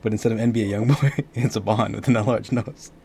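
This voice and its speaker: A man's voice: on the low side, fairly even intonation, fast talker, gravelly, dark tone, slight background noise. A young man hosting a casual gaming stream, bantering loosely with slang and swearing. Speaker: streamer host.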